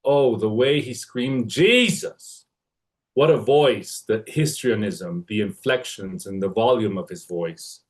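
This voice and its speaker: Low-voiced man from Mexico reading a tribute. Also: a little slow, few pauses. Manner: hesitant start, then steady reading with a poetic rhythm. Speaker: family friend giving a tribute. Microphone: livestream connection.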